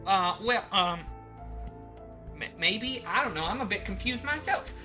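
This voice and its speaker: A woman's voice: medium pitch, lively intonation, unhurried, sharp tone, pitched above the performer's own voice. A woman playing a flustered, nervous female space dock shipmaster who stammers and apologizes, with music behind. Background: background music.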